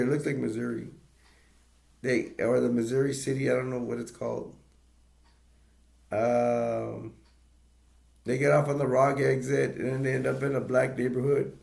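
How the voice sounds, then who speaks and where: A man recapping a film in a loose, rambling way, stopping often to restart his sentences. His voice sits mid-range in pitch and has a gravelly fry. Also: little pitch movement, moderate pace, a little mellow, roomy sound. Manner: rambling, with many restarts and chuckles. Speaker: movie reviewer. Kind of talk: casual plot retelling.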